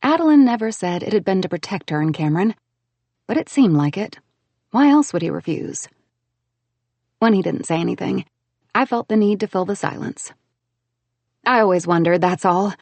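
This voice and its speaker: A woman narrating an audiobook in a lively, expressive way. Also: mid-range voice, moderate pace, pauses often, no echo. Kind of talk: scripted narration.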